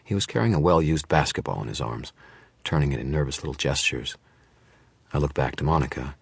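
A man reads a first-person audiobook in a measured, brooding way. His voice sits extremely low and carries a husky grain. The recording is dry, with no room sound. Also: animated, no room sound. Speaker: audiobook narrator.

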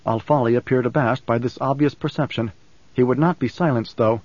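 A man reading a novel aloud in steady, even audiobook narration on a close mic. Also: medium pitch, a little fast, dry recording. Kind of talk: scripted narration. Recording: slightly dull dry studio recording.

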